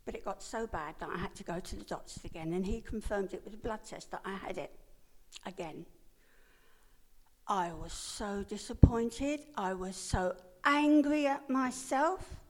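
A woman's voice: mid-range voice, a little slow, darkish tone. An older woman telling her own story as a personal testimony, in an earnest, emotional way. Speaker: speaker giving a personal testimony.

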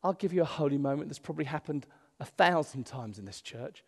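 A male pastor preaching a sermon in a church, animated, swinging between loud emphasis and hushed asides. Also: fairly high pitch, fast. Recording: long hall reverb.

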